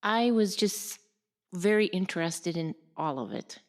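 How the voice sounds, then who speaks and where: A woman's voice: fairly low pitch, unhurried. A woman with a Minnesota accent, a podcast guest earnestly sharing her experiences. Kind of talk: casual podcast chat.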